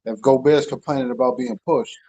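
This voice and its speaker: A man's voice: mid-range voice, fairly even intonation, brisk, mellow. A man co-hosting a sports podcast, giving blunt, opinionated remarks in a casual, slangy way. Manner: blunt, opinionated, says "dude". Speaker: podcast co-host.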